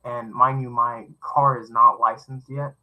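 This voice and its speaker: A man's voice: mid-range voice, flat delivery, measured pace, dull audio. A man reading a novel aloud, breaking off for chatty, wandering asides. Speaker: reader.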